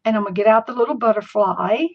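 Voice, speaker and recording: During a live-streamed craft tutorial, a Southern-accented woman chats in a folksy way and laughs easily. She talks fast at a medium pitch, and the stream audio is dull and lo-fi.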